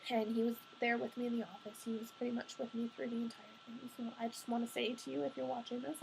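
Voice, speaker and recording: A woman's voice: a little high, gravelly, background noise. A young adult woman telling a personal story in a candid, confessional way, chatty and full of "like" fillers.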